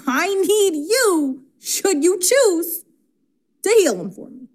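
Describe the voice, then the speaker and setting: Woman doing a brash streetwise Roman officer, bad tough-guy accent, high voice, bouncy swagger. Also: very animated, slow pace, a little mellow, exaggerated voice. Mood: pleading. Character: gruff pushy male Roman army officer.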